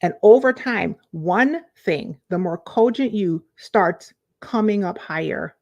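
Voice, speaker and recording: A woman, a life coach, giving animated, conversational advice to camera and repeating phrases for emphasis. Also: mid-range voice, slow, creaky, muffled recording. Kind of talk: direct-to-camera coaching talk.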